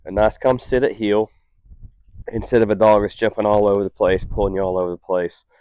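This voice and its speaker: A calm, patient man training a dog, with a fairly low voice. His explanations stay steady and unhurried, broken up by short, stern commands. The sound is dry and close. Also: clean tone, no echo. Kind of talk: instructional demonstration.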